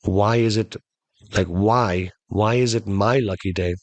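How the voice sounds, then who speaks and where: Amazed castaway, high and eager ; a man performs him. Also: measured pace, dry recording, natural voice. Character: stranded man, easily amazed and excitable.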